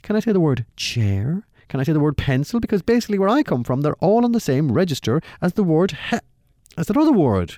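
A man's voice: brisk, dry recording, studio quality. A middle-aged Irish man giving a humorous scripted radio commentary, telling stories with wry timing. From Ireland. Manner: wry storytelling with lively shifts in pitch.

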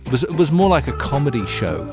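Reflective middle-aged man, halting storyteller, mid-range voice. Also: medium pitch, very animated, music in the background. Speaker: ocean adventurer. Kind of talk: recounting a story in an interview.

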